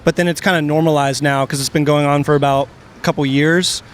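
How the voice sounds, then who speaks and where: A man's voice: fairly high pitch, steady tone, quick pace, a little hiss or hum. Earnest young man in his twenties, rambling. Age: 20s. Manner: earnest, rambling, many "like" fillers. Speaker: interviewee. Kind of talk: casual street interview. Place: outdoors on a city street.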